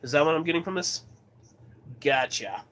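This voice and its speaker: A man's voice: a little high, animated, normal speed, a bit bright. A man from Colorado chatting casually as host of his livestream, rambling and laughing often. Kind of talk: casual chat.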